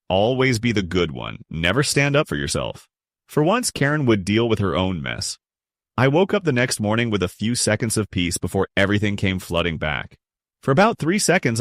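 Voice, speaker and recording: A man's voice: on the low side, fairly bright tone, no room sound, studio quality. A young adult man narrating a first-person family story in a blunt, resentful tone.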